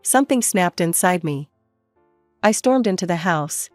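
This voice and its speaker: A woman narrating a first-person family story in a steady, plain way. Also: lowish voice, normal speed, no echo, clean studio sound, faint music behind.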